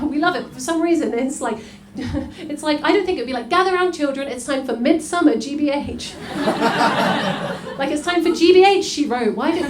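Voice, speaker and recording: Giggly young woman doing stand-up. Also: sits high. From United Kingdom. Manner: chatty, full of "like" and laughter, addresses the crowd. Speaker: stand-up comedian. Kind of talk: stand-up comedy. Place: comedy venue stage. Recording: echoey room with loud noise.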